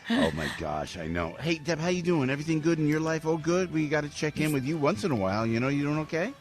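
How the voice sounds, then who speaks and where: A man's voice: a little high, sing-song, fast talker. A man hosting a radio talk show, chatting in a rambling, jokey way with many restarts.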